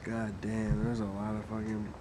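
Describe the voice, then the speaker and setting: A man's voice: on the low side, completely flat delivery, normal speed, noisy background. A young man, a podcast guest, chatting casually with profane words and frequent laughter. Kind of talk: casual chat.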